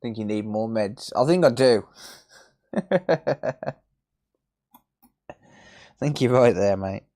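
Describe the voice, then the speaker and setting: A man chats and jokes with his stream audience in a loose, cheeky banter that turns a bit sweary. His pitch swings widely up and down. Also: animated, slow, long pauses, warm tone. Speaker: repair streamer. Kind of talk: casual live-stream chat.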